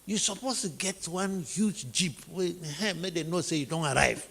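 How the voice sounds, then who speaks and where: A Nigerian man acting out a flattering acquaintance who coaxes a friend to show off his wealth. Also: high-pitched, normal speed, gravelly, in a large hall, full character voice. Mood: coaxing. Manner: coaxing, mixes in pidgin. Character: flattering male acquaintance urging showing off.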